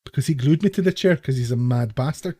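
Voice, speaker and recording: A man's voice: medium pitch, quick pace, dark tone, breathy edge, lightly acted. A man voicing a nervous male gnome who is stuck to a chair and pleading for help. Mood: flustered pleading. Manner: pleading, flustered.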